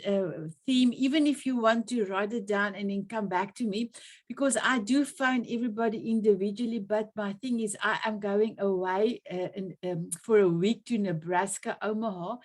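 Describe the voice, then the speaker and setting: A woman hosting an online women's session on a video call, effusive and full of restarts. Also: medium pitch. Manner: effusive, warm thanks, frequent laughs and restarts. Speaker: online women's group host. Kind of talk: casual video call chat.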